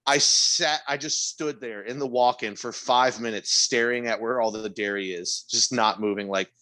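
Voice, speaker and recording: Speaking at a moderate pace in a medium pitch, this man co-hosts a podcast and vents about a frustrating job experience. He's lively and fed up, cursing openly, with his voice jumping in disbelief until he's almost shouting.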